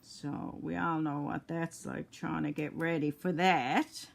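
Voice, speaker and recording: An older woman talks her viewers through a craft project at home. She speaks slowly and a little low, sounding tired between yawns. Her talk is chatty and rambling, and she is picked up by a phone camera. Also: fairly even intonation, vocal fry. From Newfoundland, Canada. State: tired, yawning. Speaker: crafting vlogger. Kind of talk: casual chat while crafting.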